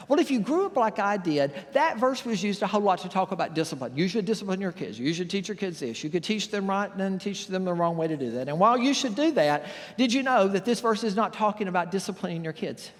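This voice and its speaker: A man's voice: sits high, animated, fast, big-room sound. A man preaching a sermon as pastor, telling folksy stories and acting out the voices of the people in them. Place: church sanctuary.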